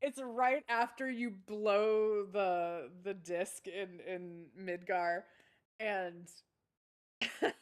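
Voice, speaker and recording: A woman streamer in casual chat, excitable and full of swearing, shrieking when exasperated. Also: medium pitch, slow.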